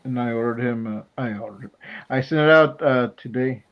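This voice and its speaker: A man's voice: mid-range voice, fairly quick, muffled recording. A man hosting a casual chat while drawing, talking in a hesitant, rambling way. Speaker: podcast host.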